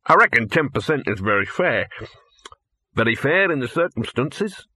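A man's voice: medium pitch, big pitch swings, moderate pace, pushed and bright, slightly rough, no echo, studio quality, exaggerated voice. A man voicing a cynical, bow-legged male talking dog with a sardonic, smug manner.

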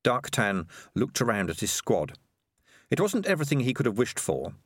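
A man narrating an audiobook in a measured, expressive storytelling voice. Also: mid-range voice, no echo, clean studio sound.

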